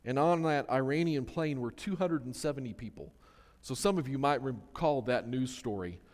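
A male pastor preaching a sermon in an earnest way, slowing down to stress key words. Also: mid-range voice, darkish tone. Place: church sanctuary. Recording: long reverb of a large hall.

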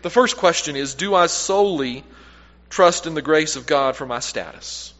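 A man preaching a sermon to a congregation in a loose, conversational way, fairly high in pitch. His phrases often sink quiet at the end, and he corrects himself mid-sentence. The sound is dull and lo-fi, with a long echo from the church hall. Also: expressive, normal speed. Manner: conversational, self-correcting, drops to quiet at line ends. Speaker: pastor. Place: church sanctuary.

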